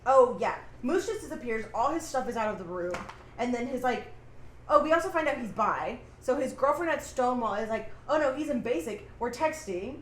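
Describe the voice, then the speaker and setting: A young woman co-hosting a podcast, chatting casually through a TV recap, hesitant and quick to laugh as she reads from her notes. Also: a little high, lively intonation, a little hiss or hum. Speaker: podcast co-host. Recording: roomy echo.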